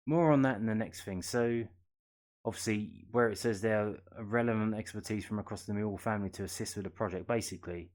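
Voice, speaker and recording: A man's voice: on the low side, fairly quick, darkish tone. A man hosting a football news channel, ranting casually and bluntly with lots of swearing, fillers and restarts.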